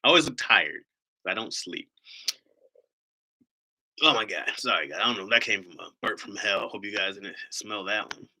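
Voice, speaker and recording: A man's voice: on the low side, normal speed, long pauses, sharp tone, slightly rough. A man from Ohio hosting a live stream, rambling in casual chat, joking and swearing freely.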